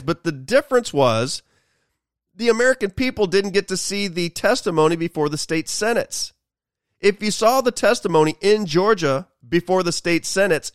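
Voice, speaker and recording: A man's voice: a little high, a bit bright, no echo, clean studio sound. A man hosting a political talk radio show, delivering an emphatic, repetitive monologue.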